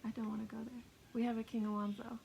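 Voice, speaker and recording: A woman giving a casual intuitive tarot reading, chatty and self-mocking, laughing often and sometimes dropping into soft whispers. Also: a little high, level tone, fast, vocal fry, slight background noise, poor audio. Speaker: tarot reader.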